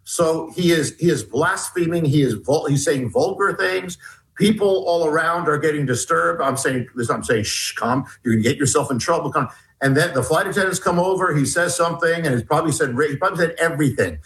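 Earnest, halting man telling a story. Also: on the high side, fairly bright tone, poor audio. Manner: earnest, halting, with many restarts. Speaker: author and interview guest. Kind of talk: storytelling in an interview.

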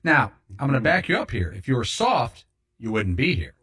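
A man's voice: mid-range voice, sing-song, normal speed, sharp tone, slightly rough. A man co-hosting a sports talk show, offering dry, reasoned counterpoints in casual banter. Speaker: co-host.

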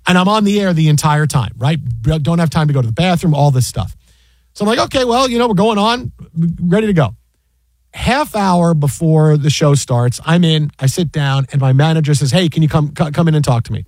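A man who works as a sports broadcaster, telling an animated anecdote with many restarts and an incredulous tone. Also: on the high side, fairly quick, dry recording.

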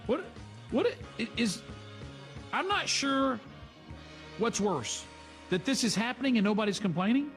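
A man's voice: very high voice, lively intonation, a little slow, long pauses, fairly bright tone, soft background music. A man hosting a talk show, delivering sarcastic, opinionated commentary. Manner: sarcastic, mocking. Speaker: radio host.

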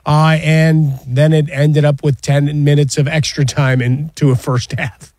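A male sports radio co-host with a slightly raised pitch, talking casually and peppering his points with questions. His voice is dry and close to the mic. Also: little pitch movement, unhurried, darkish tone, no room sound. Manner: conversational, tossing in filler questions.

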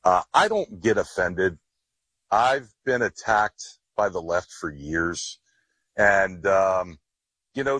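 A man's voice: mid-range voice, fairly bright tone, breathy edge, no echo, poor audio. A man who is a retired military veteran, speaking bluntly and with indignation in an interview clip.

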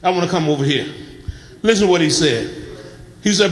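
A middle-aged male pastor delivering an impassioned sermon, swinging from quiet storytelling to shouted calls for the congregation to respond. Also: high-pitched, animated, fast, long pauses.

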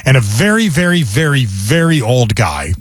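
A man hosting a radio show, telling stories and reading news with casual, animated banter. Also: mid-range voice, moderate pace, breathy edge, no room sound.

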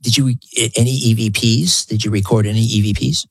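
Man, interview host, low pitch, husky voice, dry close recording. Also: fairly even intonation, dry recording. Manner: curious, halting questions. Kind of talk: interview questions.

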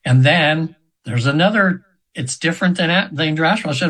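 The recording is low quality, carrying a husky, fairly bright voice on the high side that moves fairly quickly. It belongs to a hypnotherapist in his seventies who, as an interview guest, meanders through casual anecdotes with fillers and false starts, at times mimicking the people he quotes.

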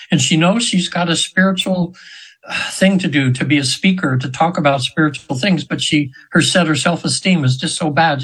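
Older man, 70s, husky, a bit high-pitched, rambling and earnest, interview guest. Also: a bit bright, low-quality recording. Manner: rambling, earnest, with many fillers and restarts. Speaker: guest hypnotherapist. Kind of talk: casual storytelling in an interview.

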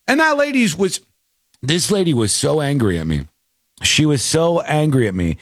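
A man hosting a talk show, chatting casually and ranting with animated, acted-out quotes. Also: on the high side, moderate pace, no echo, studio quality. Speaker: podcast host. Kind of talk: casual chat.

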